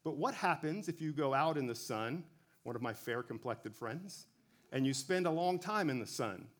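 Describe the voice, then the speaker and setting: A man giving a relaxed sermon, talking conversationally with frequent self-corrections and joking asides. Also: medium pitch, normal speed. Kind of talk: casual sermon.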